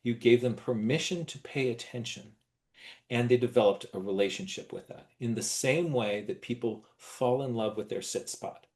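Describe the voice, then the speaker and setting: A middle-aged man teaching an online workshop in an animated, conversational way. He often leaps into a high, gushing voice to mimic how adults praise a child's drawing, then drops back to his normal talk. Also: normal speed. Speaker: workshop presenter.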